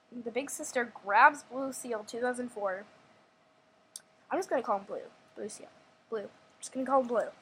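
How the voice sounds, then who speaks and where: A woman's voice: fairly high pitch, fairly bright tone, a little hiss or hum, rough recording. A young woman telling a rambling story at home, with many restarts and acted-out quotes. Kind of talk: casual storytime vlog.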